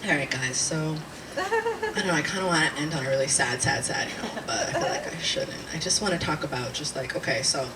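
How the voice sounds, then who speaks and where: A woman in her twenties or thirties doing a stand-up comedy set, rambling and animated, swearing and laughing at her own jokes. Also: low-pitched, a little fast. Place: small live comedy venue. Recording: distant mic with audible room noise.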